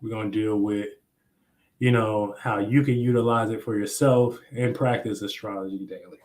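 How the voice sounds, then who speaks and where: A man's voice: on the low side, steady tone, normal speed, a little mellow. Slangy young man hosting a livestream. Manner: loose, slangy, rambling explanations. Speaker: astrology livestream host. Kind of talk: casual livestream talk.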